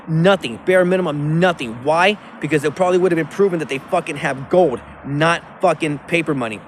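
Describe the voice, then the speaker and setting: A man's voice: on the high side, slight background noise. A man rambling profanely into his phone outdoors by a river, with many restarts. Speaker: vlogger.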